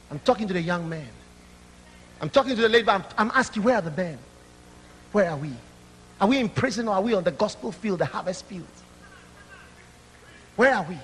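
A young man preaching an impassioned sermon that rises to shouts. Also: high voice, in a large hall, a little hiss or hum. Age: young adult.

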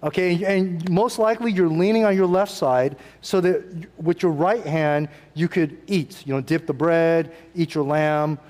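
High-voiced preacher in an echoing hall. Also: male voice, measured pace, few pauses. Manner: conversational, animated, acts out quotes with asides. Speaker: pastor. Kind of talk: sermon.

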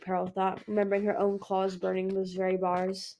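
A woman reads a fantasy novel aloud as an amateur audiobook narrator, her medium-pitched voice dark, brisk, and completely flat. She makes frequent slips, stumbling and restarting words now and then.

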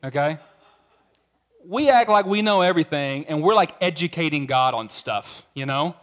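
A man's voice: on the high side, expressive, moderate pace, a bit bright. A middle-aged man preaching a sermon in a conversational way, telling stories and acting out quotes. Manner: conversational, storytelling with acted quotes. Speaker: pastor.

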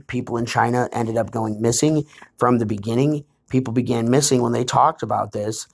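A man's voice: medium pitch, gravelly, husky. A man hosting his own political commentary show, sounding tired and talking urgently to his viewers, often calling them "guys". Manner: urgent, repetitive addresses to "guys". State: tired, yawning.

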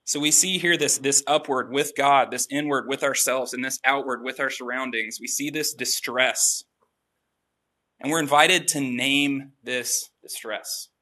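Bright-voiced man preaching casually. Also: mid-range voice. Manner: relaxed, chatty, self-deprecating with casual asides. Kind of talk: conversational sermon.

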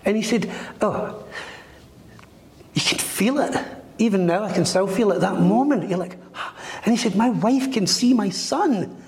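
A man's voice: sits high, a little slow. Middle-aged guy telling a story, does the voices, pretty echoey room. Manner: animated storyteller acting out quoted voices. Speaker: medium. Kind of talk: storytelling interview chat. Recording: echoey room with long reverb.

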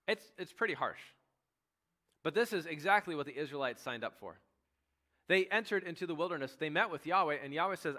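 A man preaches a sermon, his voice bright and forward. He retells the scripture story with animated, acted-out dialogue for each figure. The delivery is that of a pastor speaking to a congregation. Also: a little high, fast talker. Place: church sanctuary.

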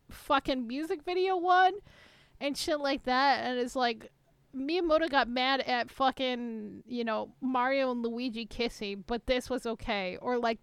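A woman's voice: fairly high pitch, a bit bright, clean tone, dry recording. A young woman co-hosting a stream, chatting casually with a playful, profane, joking manner. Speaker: streamer co-host. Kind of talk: casual chat.

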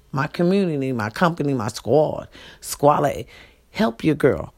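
Her voice sits low with a darkish tone, and she talks at a measured pace in a sing-song way. In this casual vlog, the middle-aged woman appeals straight to her followers, repeating herself emphatically, preaching one moment and pleading the next, and calling them "y'all" and "baby."

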